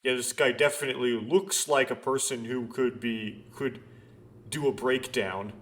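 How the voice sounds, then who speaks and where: A man's voice: medium pitch, steady tone, measured pace. A man giving rambling, offhand commentary while playing a story game, over game music. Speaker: let's-play commentator. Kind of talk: casual gameplay commentary.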